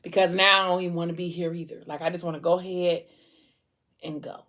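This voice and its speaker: A woman voicing a gravely ill young man in despair, in a low, weary, resigned tone. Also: flat delivery, a little fast, fairly bright tone, natural voice.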